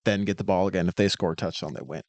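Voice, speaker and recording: A man's voice: sits low, very fast, a little mellow, no echo. A man co-hosting a casual sports podcast, rambling with lots of fillers and laughing easily. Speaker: podcast co-host. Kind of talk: casual chat.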